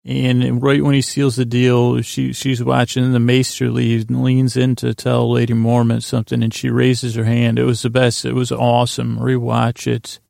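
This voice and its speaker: Gravelly, rambling man recapping a show. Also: medium pitch, monotone, moderate pace, hardly any pauses, a little mellow, no room sound, clean studio sound. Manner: meandering, full of fillers and restarts. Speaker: podcast host recapping a TV episode.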